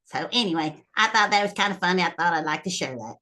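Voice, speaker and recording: A woman's voice: lowish voice, expressive, quick pace, bright, forceful tone. A woman telling a family story to her viewers in a casual, rambling way, full of ums and little laughs. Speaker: vlogger.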